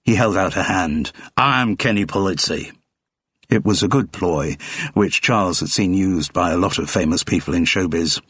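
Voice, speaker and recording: A man reading a mystery audiobook in a measured narrating style. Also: sits low, husky, no room sound, clean studio sound. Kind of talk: scripted narration.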